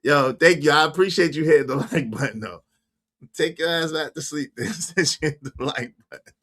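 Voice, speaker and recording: A man hosting a casual livestream chat, bantering loudly and giving shout-outs to viewers. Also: a little high, moderate pace. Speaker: livestream show host.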